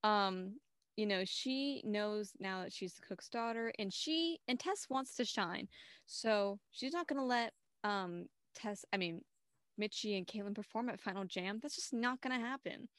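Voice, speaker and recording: A woman's voice: mid-range voice, unhurried, fairly bright tone, smooth, no echo, clean studio sound. A young woman co-hosting a casual movie review, giggling and acting out characters' lines in playful voices. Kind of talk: casual chat.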